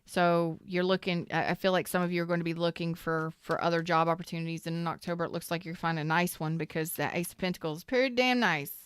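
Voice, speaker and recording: A woman's voice: fairly low pitch, steady tone, fast, hardly any pauses, smooth, dry recording. A woman, hosting a casual, salty tarot reading and talking straight to her viewers. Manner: chatty, salty, talks to viewers as y'all. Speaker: tarot reader, channel host.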